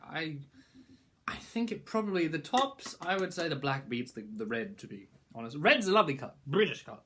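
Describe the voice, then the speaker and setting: A young man rambles through a casual product review with a playful, mock-grand tone. His voice is bright and sharp, and his pitch leaps up and down all the time. He heaps jokey praise on ordinary things. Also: a little hiss or hum.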